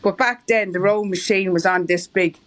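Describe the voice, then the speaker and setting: A woman's voice: mid-range voice, fairly even intonation, fairly quick. Irish lady guest, middle-aged, rambly casual chat, laughs a lot. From Ireland. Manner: chatty, rambling, laughs often. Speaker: marathon runner guest.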